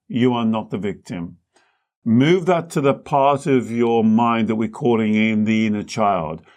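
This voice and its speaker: A man with a mid-range voice talks through his teaching slowly and calmly. He explains things patiently and leans on simple analogies. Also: mid-range voice. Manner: calm explaining, uses analogies. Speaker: therapist and host. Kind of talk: teaching talk.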